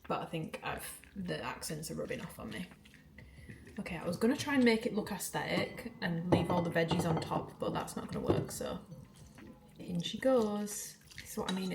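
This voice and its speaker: A woman's voice: lowish voice, background noise. A young woman, chatting casually through a vlog while she cooks in her home kitchen. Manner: chatty, rambling, self-deprecating. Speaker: vlogger. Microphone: camera on a tripod.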